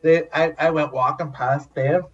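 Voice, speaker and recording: A man telling lively, profane stories as a podcast guest, acting out the people in them. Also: a little high, unhurried, breathy edge, far from the mic, highs cut off. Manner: animated, swears often, acts out quotes. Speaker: guest, former TV extra. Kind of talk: casual storytelling.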